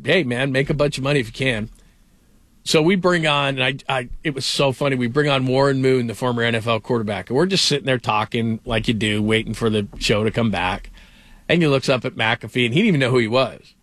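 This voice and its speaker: A middle-aged man with a mid-range, fairly bright voice hosts a sports radio show, with no room sound audible. He's a rambling storyteller in casual sports talk, filling his stories with many "like" fillers.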